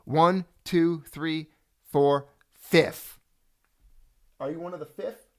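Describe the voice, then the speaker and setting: A man hosting a casual video chat, talking straight to viewers in a jokey, animated way. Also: fairly high pitch, slow pace. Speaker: host.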